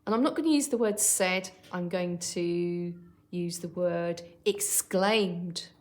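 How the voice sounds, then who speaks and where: Slow, low-voiced teacher woman. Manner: models example lines aloud slowly while writing. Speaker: primary school teacher. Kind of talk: recorded online lesson.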